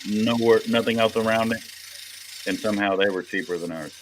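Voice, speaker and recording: Casting: low-voiced man, casual stream host, tired and offhand, faint hiss behind. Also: a little fast, poor audio. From Texas. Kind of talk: casual chat. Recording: faint background noise.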